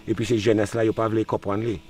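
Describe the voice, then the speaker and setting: An older man from Trinidad and Tobago with a Trinidadian accent is interviewed casually outdoors in a village. He talks fast in a fairly low, darkish, level voice, moving between patois and English and repeating himself.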